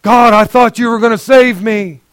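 A man voicing a stubborn man stranded on a rooftop in a flood, insisting he will be saved, in a strained, drawn-out voice. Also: extremely high pitch, steady tone, a bit bright, clear, resonant tone, no room sound, voice pushed up.

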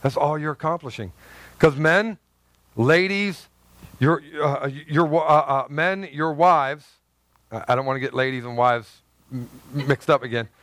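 A man preaching a sermon as pastor, lively and joking, swinging between loud emphasis and soft asides. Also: fairly high pitch, measured pace, dry recording.

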